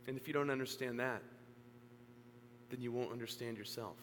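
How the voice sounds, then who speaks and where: A man preaching in a church auditorium, mid-pitched and earnest. He swells to emphatic peaks and then sinks to a hush. His voice rings with long reverb, over a faint hum. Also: fairly even intonation, moderate pace. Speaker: pastor. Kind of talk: sermon.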